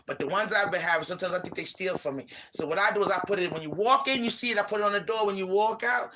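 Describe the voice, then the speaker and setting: A man's voice: high-pitched, quick pace, bright, forceful tone, a little hiss or hum. A man ranting to his viewers in a heated, profane, preachy way, talking into his phone. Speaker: vlogger. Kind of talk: casual rant to viewers.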